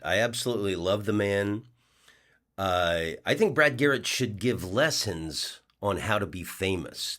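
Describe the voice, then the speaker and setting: Rambling man with a low, lively voice. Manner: rambling, with many restarts and fillers. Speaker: comedian and podcast host. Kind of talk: casual storytelling monologue.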